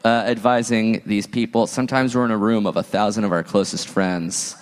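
A man's voice: on the low side, fairly even intonation, a little fast, hardly any pauses, long reverb tail. A man co-hosting a live comedy advice podcast on stage, laughing often as he reads listener emails. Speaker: podcast co-host. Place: stage before a large live audience.

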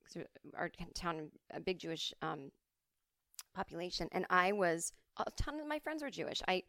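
A woman's voice: lowish voice, no echo. A woman in her forties talks straight into a close, dry mic with no room sound. She tells stories from her childhood in a loose, rambling way, swears freely, and breaks off into asides. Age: 40s. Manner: rambling, profane, animated storytelling with asides. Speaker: podcast host. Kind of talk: solo storytelling podcast.

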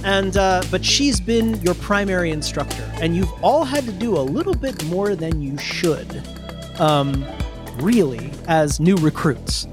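A man narrating a tabletop role-playing game as game master, in a relaxed, rambling way. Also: high voice, measured pace. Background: background music.

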